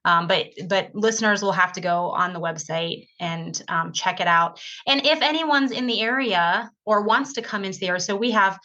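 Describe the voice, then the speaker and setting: A woman chats as a podcast guest over a video call. She rambles through her stories with a bright, forceful edge. The sound is dull and lo-fi, like compressed call audio. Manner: chatty, rambling, acts out quoted dialogue with big pitch jumps. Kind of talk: casual storytelling interview.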